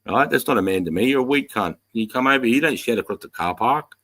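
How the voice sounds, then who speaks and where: A man's voice: medium pitch, expressive, fast talker, fairly bright tone. Blunt, swearing Australian man. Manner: blunt and heavily profane, plain-spoken. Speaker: livestream host. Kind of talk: casual livestream chat to viewers.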